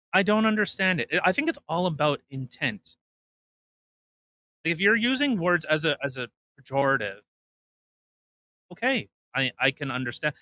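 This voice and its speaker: A man's voice: on the high side, pushed and bright. A man co-hosting a podcast, blunt and teasing, with frequent restarts as he talks. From Canada. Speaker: podcast co-host. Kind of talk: casual podcast chat.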